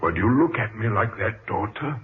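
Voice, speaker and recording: A man's voice: fairly low pitch, lively intonation, music in the background, lightly acted. A man playing a stern old ancestor's ghost. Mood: bewildered. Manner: slow, formal, halting speech. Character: long-dead old-fashioned male ancestor, bewildered and stern. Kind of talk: old-time radio drama. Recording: muffled, hissy old radio transcription.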